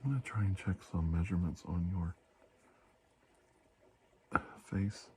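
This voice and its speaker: A man in a whispered role-play as a doctor giving a calm exam, soft-spoken and gently reassuring. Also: deep voice, measured pace, slightly rough. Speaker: ASMR creator playing a doctor.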